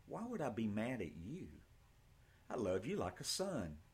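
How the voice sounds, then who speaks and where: A man voicing a brisk, protective young woman schoolteacher in an audiobook, with a firm, scolding older-sister tone. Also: on the low side, huge pitch swings. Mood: weary.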